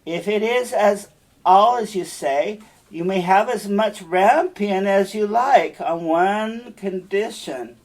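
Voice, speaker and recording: A man voicing an angry, imperious old female witch who scolds loudly in a storybook reading. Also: takes it slowly. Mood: bargaining. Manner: loud, shrill scolding.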